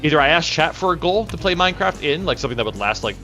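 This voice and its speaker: Excitable male game streamer. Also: a little high, very fast, faint music behind. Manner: excitable, swearing, rambling reactions. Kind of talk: casual live gameplay commentary.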